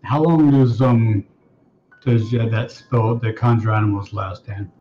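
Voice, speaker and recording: Mellow-voiced man planning game tactics. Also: lowish voice, steady tone, a little slow, lo-fi sound, soft background music. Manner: thinks out loud, planning tactics. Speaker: player. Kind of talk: casual tabletop game chat.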